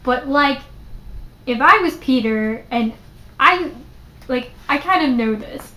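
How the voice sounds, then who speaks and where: Young woman, bright higher voice, chatty vlog reviewer, loose and animated, lots of "like". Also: takes it slowly. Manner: chatty, many "like" fillers, animated retelling. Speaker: book reviewer. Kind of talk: casual book review vlog. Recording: roomy echo.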